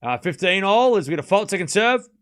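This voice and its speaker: A man hosting a live tennis watchalong stream, calling points with excitement and chatting casually and bluntly with his viewers. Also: sits high, fast talker. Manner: excited play-by-play, then ranting casually at chat. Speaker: stream host and tennis commentator. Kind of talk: live watchalong commentary with chat.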